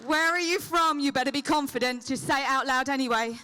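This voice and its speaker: On stage as a celebrity convention guest, a high-voiced woman teases the live crowd with quick, playful comic banter. Her tone is bright and forceful, and she speaks into a handheld microphone.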